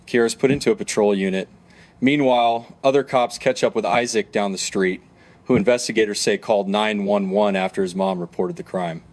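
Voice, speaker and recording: A man narrating a true crime story from a script. His voice sits on the low side, and he keeps the delivery matter-of-fact and even. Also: brisk.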